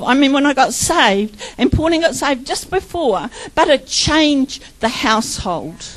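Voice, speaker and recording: Woman preaching, personal testimony, high voice, emotional and animated. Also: poor audio. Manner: emotional, animated storytelling with laughs and tearful moments.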